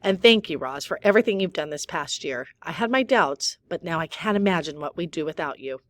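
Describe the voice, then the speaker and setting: A woman voicing a gruff but kind middle-aged father on a farm, friendly in tone. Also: low voice, lively intonation, fairly quick.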